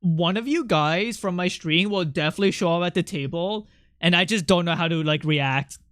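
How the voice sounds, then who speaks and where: A streamer talks casually while drawing, rambling, cutting in on themself and swearing freely. The voice is bright and clear, and it sits close to a desk mic in a dry space. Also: mid-range voice, moderate pace, no echo. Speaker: streamer and artist.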